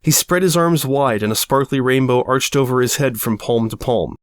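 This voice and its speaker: A man's voice: medium pitch, fairly even intonation, moderate pace, no echo, studio quality. A man narrating a story aloud with a wry, mock-dramatic delivery. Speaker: audiobook reader.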